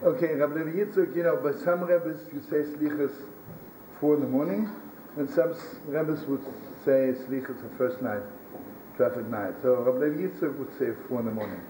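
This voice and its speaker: A man with a weak voice, a rabbi telling stories in a loose, halting way, sprinkled with Yiddish words. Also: medium pitch, mellow. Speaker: rabbi and storyteller. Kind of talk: storytelling sermon. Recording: roomy archival recording from a distance, faint hiss.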